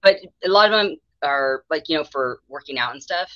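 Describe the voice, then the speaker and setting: Very low-voiced chatty woman therapist. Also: lively intonation, moderate pace, a bit bright, no echo, dull audio. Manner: chatty, rambling, laughs often, acts out her own thoughts. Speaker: mental health therapist, guest. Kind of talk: candid podcast interview.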